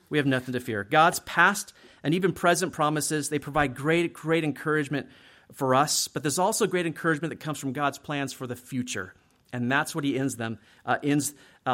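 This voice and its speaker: A man's voice: mid-range voice, a bit bright. A middle-aged man preaching a sermon as a pastor, talking conversationally and often checking in with "right?". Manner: conversational, frequent "right?" tag questions.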